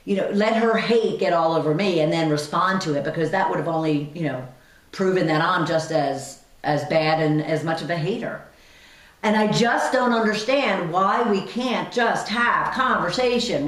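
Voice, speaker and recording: A radio talk show host tells a personal story in a chatty monologue, full of fillers and side remarks. Her voice is medium in pitch and sits far from the mic, echoing around the room.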